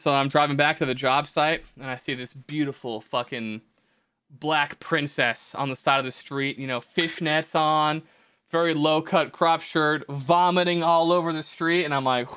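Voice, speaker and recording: Male podcast host, sharp and clean tone, foul-mouthed storyteller. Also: fairly high pitch, moderate pace, smooth, dry recording, studio quality. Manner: profane, animated storytelling. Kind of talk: casual chat.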